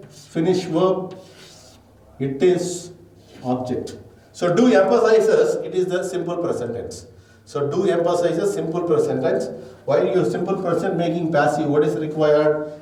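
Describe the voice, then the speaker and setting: A man with an Indian English accent teaches grammar, walking through each step and putting questions to the class before answering them himself. His voice is fairly high for a man and mellow in tone. He is recorded from a distance in a room with heavy echo. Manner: explains step by step, asks and answers own questions. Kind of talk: grammar lesson. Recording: echoey room, distant mic.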